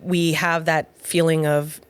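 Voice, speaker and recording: A woman in her thirties or forties co-hosting a podcast, speaking slowly and reflectively about her faith. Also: low-pitched, little pitch movement, clear, resonant tone, no echo. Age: 30s to 40s. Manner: reflective, slow with pauses. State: emotional. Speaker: podcast co-host. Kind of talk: heartfelt faith conversation.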